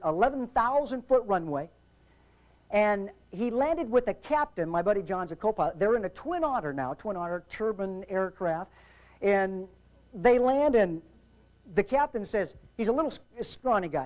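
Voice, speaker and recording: Animated joking man telling flying stories. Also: high-pitched. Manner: animated, jokey, theatrical anecdotes. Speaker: aviation safety speaker. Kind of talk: humorous storytelling seminar talk.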